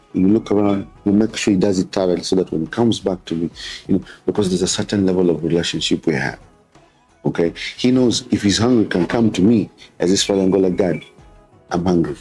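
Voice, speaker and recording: This host is a man in his thirties with a Kenyan English accent. His low, dark, slightly breathy voice moves at a quick pace in a casual, reflective talk. He speaks earnestly, switches between English and Swahili, and repeats words for emphasis, while faint music plays under poor audio.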